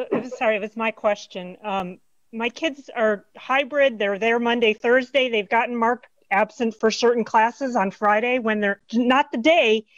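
A woman's voice: on the high side, highs cut off. A woman, a parent, explaining a problem at a virtual town hall with frustration and hesitation, talking at length. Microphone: video call.

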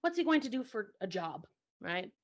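A woman's voice: medium pitch, sing-song, moderate pace, muffled recording. A woman co-host teaching music at the piano, talking conversationally and often checking in with her listeners.

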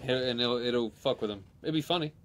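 A man's voice: medium pitch, brisk, a bit bright. A man chatting casually as a guest at an autograph signing, teasing dryly and swearing now and then. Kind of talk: casual chat.

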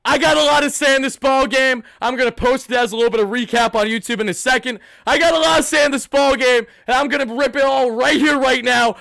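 A man hosting an emotional postgame livestream, shouting with excitement and fighting back tears. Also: very high voice, quick pace, vocal fry, few pauses, no echo. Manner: excitable, shouting, swings between yelling and hushed emotion. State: close to tears. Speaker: sports fan livestream host.

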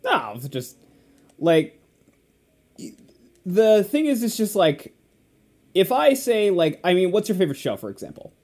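Ranting higher-voiced man. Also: wildly swooping pitch, measured pace, long pauses, darkish tone. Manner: ranting, exasperated, swears a lot. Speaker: podcast host. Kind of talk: casual podcast chat.

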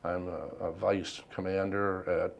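Low-voiced older man, slow and reflective. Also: flat delivery, gravelly, highs cut off. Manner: unhurried, reflective, many ums and pauses. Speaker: veteran interviewee. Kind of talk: oral history interview.

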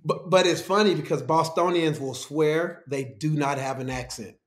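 A man's voice: on the high side, moderate pace. Easygoing man in an echoey room. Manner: easygoing, laughs often, relaxed storytelling. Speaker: guest, technology executive. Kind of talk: conversational podcast interview. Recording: roomy echo.

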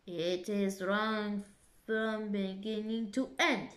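A woman's voice: mid-range voice, fairly even intonation, takes it slowly, a bit bright, echoey room. A woman doing a grumpy, curt caterpillar. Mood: stern. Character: stern, grumpy caterpillar, quick to anger.

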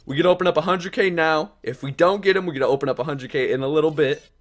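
A young man with a fairly high voice talks fast on a live stream, opening game card packs. Hyped, he speaks to the player cards, sinking into mutters and then leaping into yells.

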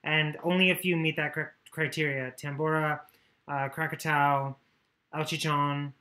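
This is a woman teaching a class in an easygoing, chatty way. She jokes, swears now and then, and corrects herself as she goes. Her voice is bright and forward. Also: low-pitched, steady tone, unhurried. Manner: loose, joking, self-correcting, swears casually. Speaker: course lecturer. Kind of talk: casual lecture with banter.

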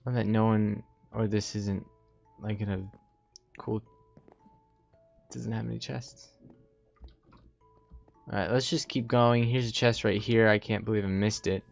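A young man giving jumpy, excitable commentary while playing a Minecraft survival match, talking to himself and often yelping in panic. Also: on the low side, measured pace, gravelly, long pauses, dry recording, faint music behind. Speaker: gaming YouTuber. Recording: slightly dull lo-fi audio.

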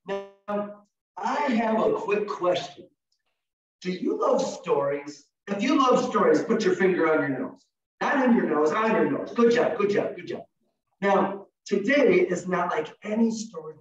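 A man's voice: sits high, big pitch swings, takes it slowly. A man leading young children through a story activity in an online class, playful and singsong, coaxing them into call-and-response. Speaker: early childhood educator presenting an online class. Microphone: video call. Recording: echoey, distant, dull video-call audio.

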